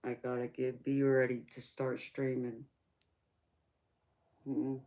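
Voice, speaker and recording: A woman's voice: extremely low pitch, level tone, slow pace, dark tone. A woman with a Southern US accent, a tarot reader hosting a casual livestream chat, teasing viewers and calling them baby.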